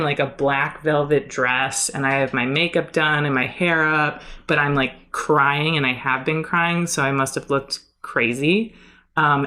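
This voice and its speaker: A woman's voice: sits low, a bit bright. A young woman, a podcast guest and yoga teacher, telling a story in a chatty way full of fillers and "like"s. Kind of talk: casual storytelling.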